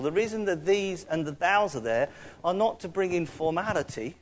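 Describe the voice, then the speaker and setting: A man with a London accent giving a sermon in a chatty, conversational way, with asides to the congregation. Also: high-pitched. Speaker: preacher.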